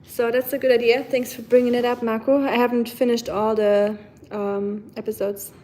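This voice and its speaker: A woman hosts a casual livestream, chatting and replying to viewer comments. Her voice sits a little high. Faint background noise runs under the recording. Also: flat delivery, normal speed, mellow. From Germany. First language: German. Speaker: livestream host. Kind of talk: casual live chat with viewers.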